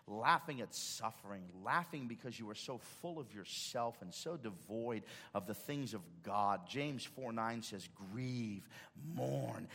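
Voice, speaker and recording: A man's voice: on the low side, fairly bright tone, long reverb tail. A male pastor preaching a sermon, quoting scripture with dramatic emphasis and rising intensity. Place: church sanctuary.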